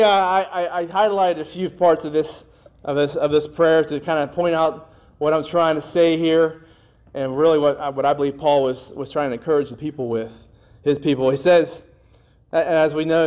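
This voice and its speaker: Guy preaching a sermon, kinda high voice, chatty and folksy, slows way down on the scripture bits. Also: fairly even intonation, darkish tone, clear, resonant tone. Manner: conversational preaching with folksy asides and restarts. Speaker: pastor.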